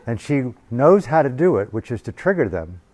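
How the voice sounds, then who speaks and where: A man teaching a meditation retreat, telling a family story in an animated, profane way into a handheld microphone. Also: mid-range voice, moderate pace. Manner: animated, profane, acting out voices. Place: retreat hall.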